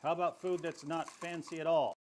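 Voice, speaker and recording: Man, high voice, pointed rhetorical questions, argumentative. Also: steady tone, brisk, darkish tone. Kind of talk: argumentative video commentary.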